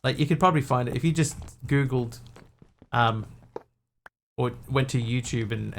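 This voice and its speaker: A man from New Zealand talks easily to his stream audience as he plays, in a mid-pitched voice. His talk rambles, loops back and restarts mid-sentence. A faint hiss and soft clicks sit under him. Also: steady tone, normal speed. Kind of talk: casual live-stream chat while gaming.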